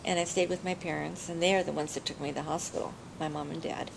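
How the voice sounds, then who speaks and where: A woman's voice: deep voice, steady tone, quick pace, gravelly, background noise. An older woman telling family stories in an oral history interview, chatty and laughing often.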